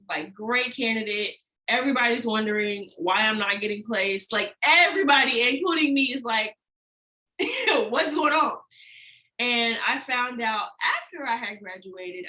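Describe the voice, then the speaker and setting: Bright emotional young woman on camera. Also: mid-range voice, low-quality recording. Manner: candid, emotional, laughs often mid-sentence. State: holding back tears. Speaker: life and healing coach. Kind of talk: personal vlog monologue.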